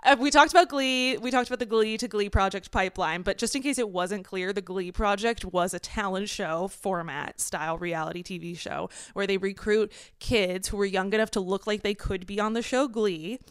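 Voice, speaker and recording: A woman in her thirties co-hosting a podcast in casual chat, emphatic and quick to laugh. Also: mid-range voice, clear, resonant tone, no room sound, clean studio sound. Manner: chatty, emphatic, laughs often. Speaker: podcast co-host.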